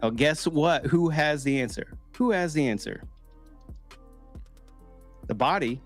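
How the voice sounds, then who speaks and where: A man's voice: slow pace, faint music behind. A man hosting a casual recovery group chat, talking animatedly and acting out inner voices. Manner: animated, acts out inner voices with pitch jumps. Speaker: podcast host.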